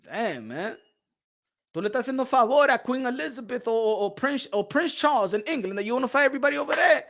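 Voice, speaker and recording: A boxing show host delivers an opinionated rant, heated and full of profanity and mockery. His voice sits very high for a man and has a sharp, cutting edge. He laughs often between his jabs. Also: animated, fast talker, gravelly.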